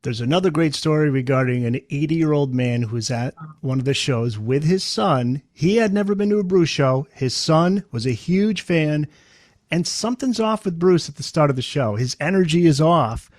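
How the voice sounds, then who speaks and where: A man's voice: a little high, expressive, normal speed, a little mellow, no room sound. Male podcast host, dry close sound. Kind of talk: interview questions.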